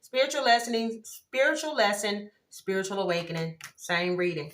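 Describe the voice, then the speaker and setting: A woman's voice: medium pitch, normal speed, a little hiss or hum. A woman, giving a casual tarot reading to viewers, exclaiming at the cards as she turns them. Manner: excitable, exclaims at cards, laughs often. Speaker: tarot reader.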